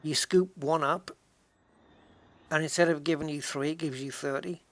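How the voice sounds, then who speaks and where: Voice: mid-range voice, steady tone, normal speed. A game streamer giving casual live commentary, thinking aloud, counting items and chatting with viewers. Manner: casual and chatty, with frequent restarts.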